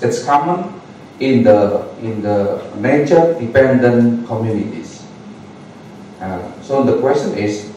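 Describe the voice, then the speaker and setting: A man gives a seminar comment in a halting, measured way, full of restarts and fillers. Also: medium pitch, warm tone, slight background noise. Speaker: seminar discussant. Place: seminar room. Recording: echoey seminar room from far off.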